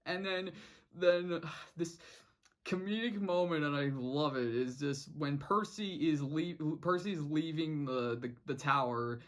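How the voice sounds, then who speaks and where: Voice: mid-range voice, slow. Rambling casual cartoon reviewer. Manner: rambling, with frequent restarts and quoted character lines. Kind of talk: casual episode review vlog.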